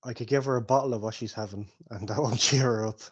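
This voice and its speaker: A man's voice: steady tone, fast, husky, lo-fi sound, natural voice. A man voicing a chatty female hobbit barmaid who gushes and gossips about the heroes. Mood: tart. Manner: shrill and gossipy, gushing over the heroes.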